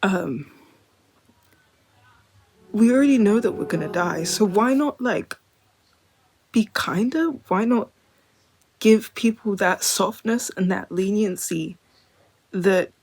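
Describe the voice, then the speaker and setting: A woman's voice: mid-range voice, takes it slowly, long pauses, darkish tone, slightly rough. A woman in her twenties talking casually to camera in a rambling monologue, full of filler "like", drifting between wry and earnest. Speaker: vlogger.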